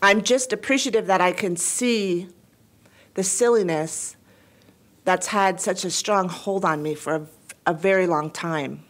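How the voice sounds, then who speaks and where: A woman calling in to a radio show, crying as she talks in a halting, emotional way with many restarts. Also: lowish voice. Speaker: caller. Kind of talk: call-in conversation.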